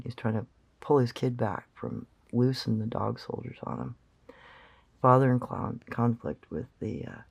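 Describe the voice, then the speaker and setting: A man's voice: on the low side, gravelly, darkish tone, slightly rough. A man explaining a recording in casual commentary, rambling and thinking aloud with many fillers. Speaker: channel host.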